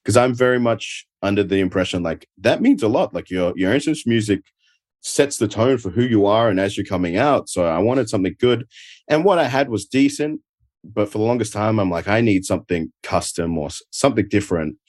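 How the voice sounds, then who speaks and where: Deep-voiced man with an Adelaide accent. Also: expressive, brisk, a little mellow, no echo, clean studio sound. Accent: Adelaide Australian. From Australia. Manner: easygoing, rambling, lots of filler words. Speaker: guest, professional wrestler. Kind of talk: casual interview chat. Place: at home.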